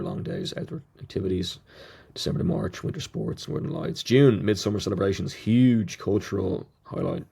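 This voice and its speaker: Gravelly low-voiced man reading notes. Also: darkish tone. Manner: reads list items, stumbles over foreign words with small asides. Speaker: podcast host. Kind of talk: solo podcast reading notes aloud.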